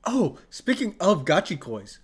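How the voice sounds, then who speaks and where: Podcast guy, kinda high voice that jumps around a lot, says like constantly, teases his buddy. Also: very animated, unhurried, breathy edge. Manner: lots of "like" fillers, teasing. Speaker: podcast co-host. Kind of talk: casual chat.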